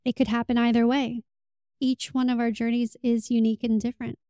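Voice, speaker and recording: A woman with a smooth, somewhat high voice talks through relationship advice in a casual, earnest monologue. She slips into quoted lines to make her points. The sound is close and dry. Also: level tone, fairly quick, warm tone, no echo.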